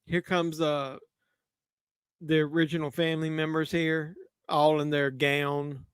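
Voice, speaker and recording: A man with a Southern drawl chats loosely through a movie watch-along, cracking jokes while he drinks. His voice sits a little high and comes across smooth and clear. The sound is dry, with no room around it. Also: little pitch movement, measured pace, no echo. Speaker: livestream host.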